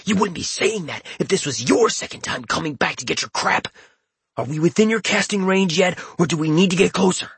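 Bossy crude raid leader, hoarse whisper, pitched well up, put on by a male narrator. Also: fairly quick, fairly bright tone, dry recording, exaggerated voice. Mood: anxious. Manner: hoarse stage whisper, smug.

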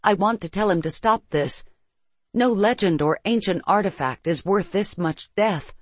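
Steady first-person audiobook narrator. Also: mid-range voice, normal speed, slightly rough, no echo.

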